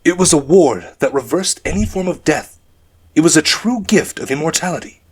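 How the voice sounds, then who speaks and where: Husky guy narrating a fantasy audiobook, measured, lots of pitch movement. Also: lively intonation. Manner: measured storytelling.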